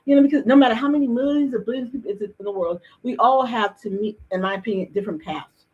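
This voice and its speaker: A woman's voice: fairly high pitch, fast, breathy edge. A middle-aged woman hosting an interview, chatting casually and telling stories with frequent restarts. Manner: talkative, with frequent restarts and storytelling. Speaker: host. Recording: dull lo-fi stream audio.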